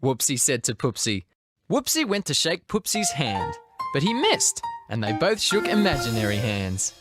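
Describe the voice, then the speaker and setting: A narrator reading a children's storybook with lively expression. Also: medium pitch, moderate pace, loud music behind the voice.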